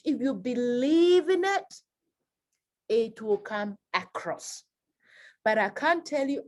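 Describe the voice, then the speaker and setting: Animated woman acting out examples. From Kenya. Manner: animated, acts out examples with big pitch swings. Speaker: presentation skills trainer. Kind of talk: lively workshop teaching.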